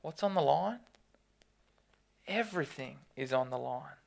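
Preacher, sermon, animated storyteller, restarts and repeats words. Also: medium pitch, measured pace, vocal fry.

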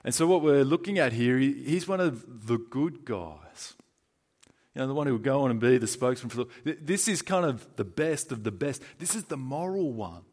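An Australian man preaches at a normal speed with medium pitch and an animated delivery. The sermon feels conversational and emphatic, moving from loud emphasis to hushed phrases.

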